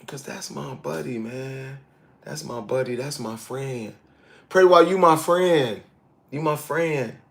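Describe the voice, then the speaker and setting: Outdoors in the Thailand heat, a man in his sixties chats casually on a live stream, laughing often as he reads viewer comments aloud. His voice is mid-range and creaky.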